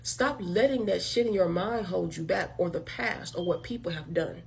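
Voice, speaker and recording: A woman with a lowish, creaky voice delivers a blunt, emphatic, profane rant straight to camera for her own channel, calling her viewers y'all. She speaks at a normal speed, and there's a little hiss or hum on the recording.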